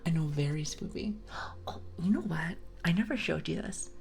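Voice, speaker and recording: A young woman with a low, soft voice rambles and giggles through a whispered ASMR stream on a close mic. She drifts between breathy whispers and quiet speech. Faint music plays underneath. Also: lively intonation, normal speed. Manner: chatty, giggly, rambling, greets viewers. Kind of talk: whispered ASMR livestream chat.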